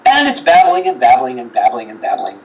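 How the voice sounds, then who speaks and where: A man's voice: medium pitch, wildly swooping pitch, a little fast, poor audio. A man telling a story as a guest on a paranormal talk show, rambling with many fillers and acting out quotes. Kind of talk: animated storytelling in a livestream chat.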